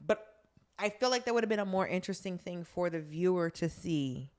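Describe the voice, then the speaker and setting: A woman's voice: on the low side, lively intonation, fairly quick, darkish tone. A woman co-hosting a podcast, chatting casually and bluntly, joking and acting out quotes. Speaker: podcast co-host. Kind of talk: casual chat.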